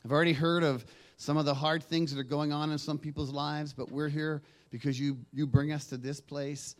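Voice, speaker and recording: Guy leading prayer at church, kinda high voice, earnest flowing cadence. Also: level tone, normal speed. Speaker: worship leader. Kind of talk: spoken prayer. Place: church sanctuary.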